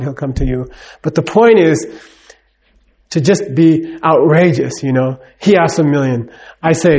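A man's voice: fairly high pitch, a little mellow. A middle-aged man giving a casual, rambling talk, full of fillers and "you know what I mean". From United States.

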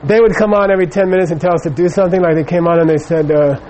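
Middle-aged male dharma teacher, slightly high voice, loose anecdotal telling, faint hiss behind. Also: steady tone, racing, a little mellow, rough recording. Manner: rambling, many fillers, storytelling. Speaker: Buddhist teacher. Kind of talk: dharma talk with personal anecdote.

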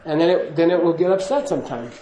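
A man's voice: a little high, fast, echoey room, noisy background. A man giving a casual spoken teaching to a class, chatty and laughing, often checking in with "okay?". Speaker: Buddhist teacher.

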